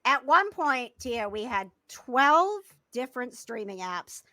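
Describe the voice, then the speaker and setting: Woman podcast host, high and bouncy voice, bright, dry close sound, animated storyteller. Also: takes it slowly, no echo. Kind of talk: casual chat.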